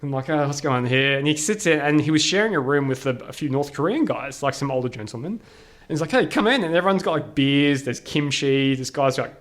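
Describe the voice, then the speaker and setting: An Australian man, a podcast guest, telling a travel story in a casual, animated way, full of "like" and quick quoted voices. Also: medium pitch.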